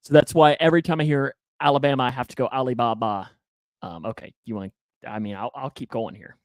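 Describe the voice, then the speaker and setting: A man co-hosting a casual podcast, joking around and talking in quick bursts with restarts. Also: medium pitch, animated, no room sound. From Kentucky. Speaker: co-host.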